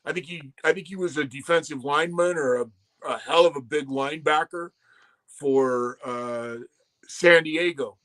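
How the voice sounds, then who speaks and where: A man's voice: fairly high pitch, moderate pace, a bit bright. A man in his sixties, a former wrestler, telling rambling, salty stories as a guest and acting out other people's quotes. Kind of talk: casual storytelling.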